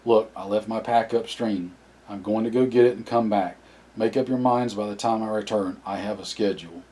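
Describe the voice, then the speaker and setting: A man voicing a calm, commanding survivor. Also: on the low side, normal speed, close to an everyday voice. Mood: firm. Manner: firm, direct.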